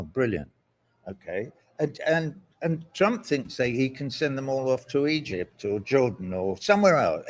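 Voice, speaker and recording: Speaking at a mid-range pitch, this older man from England is a blunt interview guest on politics. He's animated and sardonic, wandering into tangents and tossing out mocking asides.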